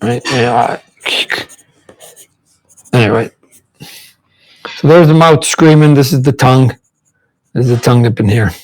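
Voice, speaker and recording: A man's voice: mid-range voice, measured pace, long pauses, darkish tone, rough recording. A man, a comic book artist, giving a casual drawing demonstration while he sketches, rambling and repeating words as he thinks aloud. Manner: demonstrates mouth sounds and faces.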